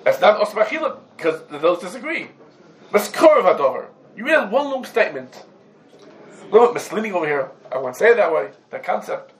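A man's voice: high-pitched, sing-song, a little fast, poor audio. A man teaching a religious law class to students, laying out cases through rhetorical questions and Hebrew terms mixed into English. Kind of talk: Talmudic law lesson.

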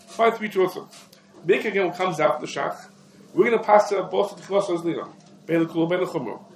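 A man teaching a lecture on Jewish law, explaining rapidly and peppering his English with Hebrew legal terms. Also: high-pitched, a little hiss or hum. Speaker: rabbi teaching a class. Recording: echoey room.

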